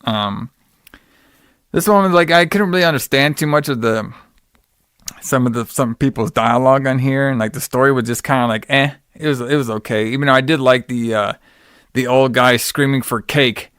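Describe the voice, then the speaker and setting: A man chats loosely on a podcast, recapping a horror movie in slangy, rambling talk. His voice sits at an ordinary middle pitch. The sound is dry and close to the mic. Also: normal speed, fairly bright tone, clean tone, no room sound. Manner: rambling, slangy, acts out quotes in exaggerated voices. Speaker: podcast host. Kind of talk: casual movie recap chat.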